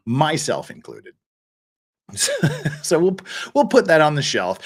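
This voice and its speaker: A middle-aged man hosting a live stream, chatting casually, reading out viewer comments and laughing often. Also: mid-range voice. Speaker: livestream host.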